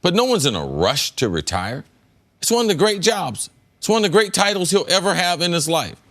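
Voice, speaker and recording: A man's voice: sits high, big pitch swings, a little fast, a bit bright. A middle-aged man, a former pro athlete, giving emphatic sports debate commentary and repeating words as he builds his point. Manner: emphatic, repeats words, rises sharply when making a point. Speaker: former pro football player turned analyst.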